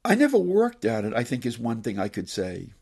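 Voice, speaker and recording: A man's voice: medium pitch, fairly quick, vocal fry, husky. A man with a working-class Medford, Massachusetts accent, a novelist telling stories in an interview. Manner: animated storyteller. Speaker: novelist guest. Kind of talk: anecdotal interview talk.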